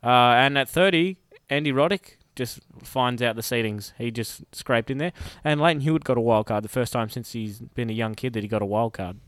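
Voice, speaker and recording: A man's voice: medium pitch, a little fast, few pauses, fairly bright tone, no room sound. A young Australian man co-hosting sports radio in a casual, jokey chat. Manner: chatty, jokey, plays up the banter.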